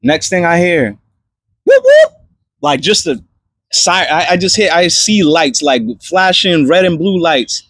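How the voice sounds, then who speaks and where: Animated young man telling a story. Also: fairly high pitch, a little slow, dry recording. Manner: animated, slangy, many fillers and restarts. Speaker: vlogger telling a personal story. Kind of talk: casual storytelling testimony.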